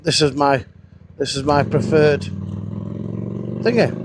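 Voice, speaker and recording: Here a motovlogger talks slowly in a voice on the high side. In his thirties and Northern English, he chats, swears and tells rambling stories while riding a motorcycle outdoors, with wind and engine noise captured by his helmet-mounted action camera mic.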